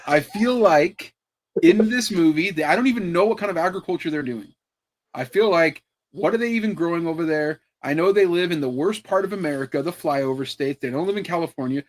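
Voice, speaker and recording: Male podcast co-host, slightly high voice, sarcastic deadpan humor, casual chat. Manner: sarcastic, deadpan hot takes with frequent laughs.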